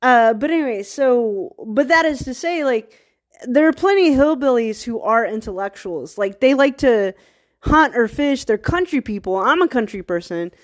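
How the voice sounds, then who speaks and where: A woman from small-town Virginia with a Southern accent, talking to camera in a rambling casual monologue, full of fillers, restarts and quick laughs. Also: a little high, animated. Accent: Southern American, rural Virginia. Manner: laughs often mid-sentence. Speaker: vlogger.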